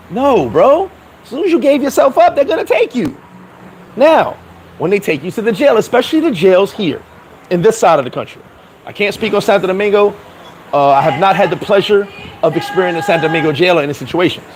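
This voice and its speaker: High-pitched New guy, casual and profane, street-smart advice monologue; light traffic noise in background. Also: lively intonation, brisk, a little mellow, poor audio. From New York. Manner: acts out dialogue in quoted voices. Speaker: vlogger.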